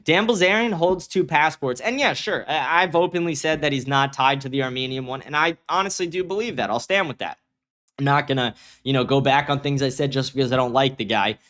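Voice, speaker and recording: A man's voice: mid-range voice, fairly quick, a bit bright. A young man hosting a casual political commentary stream, blunt and profane, rambling with restarts and reading viewer chat aloud. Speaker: livestream host.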